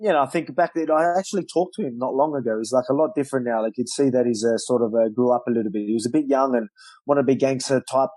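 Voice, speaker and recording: A man telling a fight story in a casual interview, animated and loose, acting out what people said. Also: mid-range voice, fast, no echo, poor audio. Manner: animated storyteller, loose swearing, acts out quotes. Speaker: guest, professional fighter.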